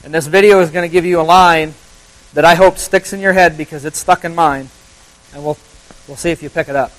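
A man with a slightly high voice giving a motivational Bible talk to a live group. He speaks conversationally, throws questions at his listeners and drives points home by repeating phrases. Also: steady tone, fairly quick, fairly bright tone, low-quality recording. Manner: conversational, asks the audience questions.

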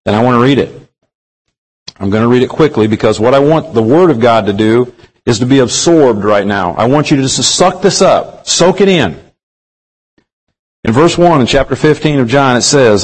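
A man's voice: medium pitch, lively intonation, rough recording. Male preacher asking rhetorical questions. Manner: asks the congregation many rhetorical questions; reads scripture slowly with drawn-out emphasis. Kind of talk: sermon with scripture reading.

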